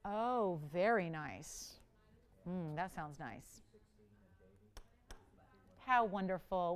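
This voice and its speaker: A woman's voice: fairly low pitch, expressive, extremely slow, pauses often, clean tone. A woman hosting a live shopping channel, selling jewelry in a chatty, enthusiastic way and talking with callers and crew. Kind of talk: live jewelry sales pitch. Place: TV studio.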